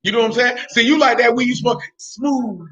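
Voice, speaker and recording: A man preaching a sermon in street slang, talking animatedly and breaking into shouts. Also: very high voice, level tone, racing, breathy edge. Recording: dull lo-fi recording.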